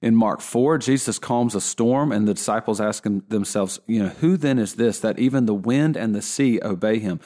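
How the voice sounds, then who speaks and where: A man giving a relaxed Bible lesson in a conversational way, often restarting his sentences. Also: lowish voice, moderate pace, few pauses. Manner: conversational, with frequent restarts and fillers. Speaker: Bible teacher.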